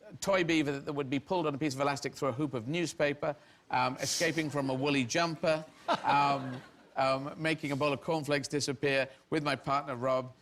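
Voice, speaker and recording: A man's voice: fairly high pitch, steady tone, fairly quick, a bit bright, slight background noise. A middle-aged man from England, a comedian guest on a talk show, telling rambling stories that he often breaks off and laughs through. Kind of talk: anecdotal talk show storytelling.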